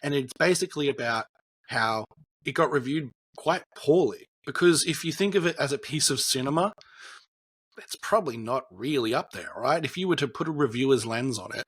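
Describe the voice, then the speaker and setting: A man's voice: medium pitch, animated, brisk, a bit bright, husky. Chatty young man telling film trivia. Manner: rambling, storytelling, many fillers. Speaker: podcast co-host. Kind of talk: casual film chat.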